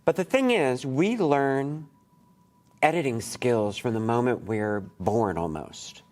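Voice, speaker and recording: A man's voice: mid-range voice, expressive, slow pace. A male poet leads a workshop for college students in a classroom. His talk is casual and digressive, full of asides and restarts. He is blunt and curses easily. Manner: candid and blunt, swears freely, rambling asides. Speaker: poetry workshop leader.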